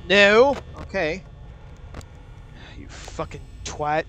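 A man's voice: high-pitched, a little slow, pushed and bright, slight background noise. A young man nervously commentating a horror game, swearing, muttering and talking nonstop to cope with fear. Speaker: gaming channel host. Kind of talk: nervous let's-play commentary. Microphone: wearing a mask over the mouth.

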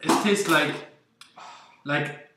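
A man's voice: fairly high pitch, drawn-out words. A Scottish man bantering over beer in a photo studio, swearing and poking fun at himself. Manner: self-mocking, swears, laughs. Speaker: co-host. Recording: echoey room, distant mic, noise.

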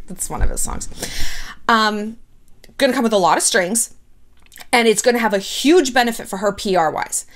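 Woman gossip host, animated and sarcastic, fairly high voice that swoops all over. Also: a little fast. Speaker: pop culture commentary host. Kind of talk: casual gossip commentary.

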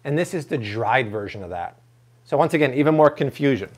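A man's voice: medium pitch, fairly quick, a little hiss or hum. A man hosting a live cooking stream from a kitchen, chatty and full of jokes. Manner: animated, jokey, chatty. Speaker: cooking show host.

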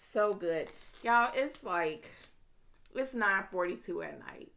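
A woman vlogging a casual fragrance review late at night, gushing with drawn-out exclamations and chatting to viewers as y'all. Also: mid-range voice, sing-song, vocal fry, fairly bright tone.

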